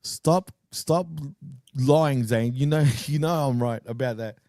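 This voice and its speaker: A man's voice: mid-range voice, takes it slowly, dark tone, dry recording, studio quality. A man co-hosting a casual wrestling podcast, laughing often and telling loose stories full of "dude" and "man". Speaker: podcast co-host.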